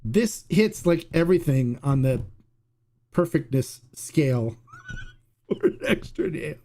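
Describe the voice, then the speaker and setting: A man hosting a casual tequila review livestream, excitable and chatty, laughing often and restarting his sentences. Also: on the high side, unhurried.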